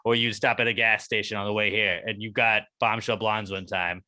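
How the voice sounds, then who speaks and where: A man's voice: fairly low pitch, flat delivery, fairly quick, few pauses, bright, forceful tone, dry recording. A man co-hosting a podcast, joking and rambling in crude banter and reading a sponsor spot. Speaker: podcast co-host. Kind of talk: casual chat and read ad.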